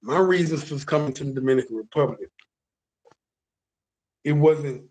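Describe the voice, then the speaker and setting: A man from the United States with a deep voice, talking casually and emphatically to his viewers, often repeating words and asking if they understand. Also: moderate pace, darkish tone. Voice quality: deep, bassy voice. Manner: emphatic, repeats words, stops for "you understand what I'm saying". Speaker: vlogger.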